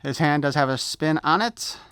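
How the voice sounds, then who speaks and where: A man's voice: on the high side, moderate pace, fairly bright tone, smooth, no room sound, clean studio sound. A man doing a casual unboxing review of an action figure, rambling and correcting himself as he goes. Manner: rambling, self-correcting, easily sidetracked. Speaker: toy reviewer.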